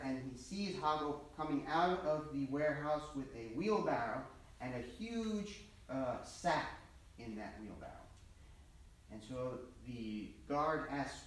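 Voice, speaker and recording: A man preaching as a priest, telling stories and repeating his points in a plain, conversational way. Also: mid-range voice. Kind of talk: sermon with storytelling. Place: large church. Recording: very echoey church from far off.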